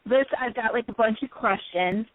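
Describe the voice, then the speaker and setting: A woman's voice: fairly high pitch, normal speed, no room sound. A woman co-hosting a call-in show, chatting in a friendly, affectionate way. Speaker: co-host. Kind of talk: casual chat on a call-in show. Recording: dry tinny phone line.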